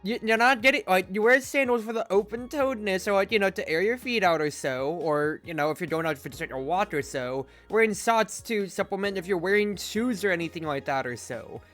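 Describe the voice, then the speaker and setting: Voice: mid-range voice, a little fast, few pauses, a bit bright, faint music behind. A streamer chatting casually during a game, rambling with lots of fillers.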